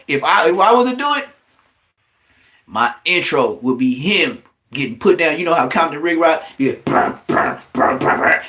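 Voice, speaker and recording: A man hosting a livestream, giving blunt, profane, trash-talking commentary in an excitable way. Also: high voice. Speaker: livestream host.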